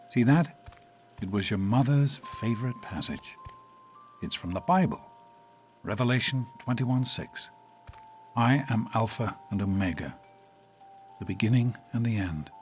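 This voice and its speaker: An actor playing a gentle middle-aged father who speaks warmly and softly to his child in video game dialogue. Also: on the low side, lightly acted.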